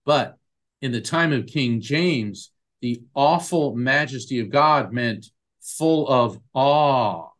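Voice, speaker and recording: A man's voice: mid-range voice, slow pace. A man, a guest on a podcast interview, telling stories animatedly and acting out the voices of people he quotes. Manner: animated storyteller who acts out quoted voices. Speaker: guest, medium and lawyer.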